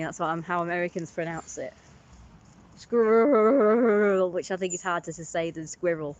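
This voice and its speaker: A woman's voice: on the high side, dull audio. A young British woman livestreaming a casual, rambling opinion rant, often mocking others in put-on voices.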